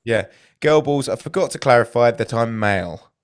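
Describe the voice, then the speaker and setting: A man's voice: medium pitch, expressive, moderate pace. A man co-hosting a podcast live stream, chatting casually, cracking dry jokes and reading out viewer questions. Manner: dry, joking asides, reads viewer questions. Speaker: podcast co-host.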